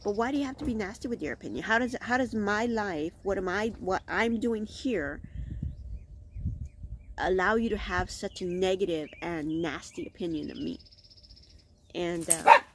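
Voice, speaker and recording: A woman's voice: mid-range voice, normal speed, a little hiss or hum. A middle-aged woman hosting a casual vlog outdoors, talking candidly and rambling, often restarting her thoughts. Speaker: vlog host. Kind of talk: casual reflective vlog monologue.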